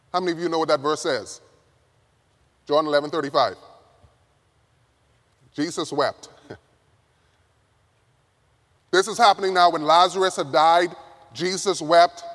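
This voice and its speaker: A man preaching a sermon to college students, emphatic, swinging from loud to hushed. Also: fairly high pitch. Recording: reverberant hall.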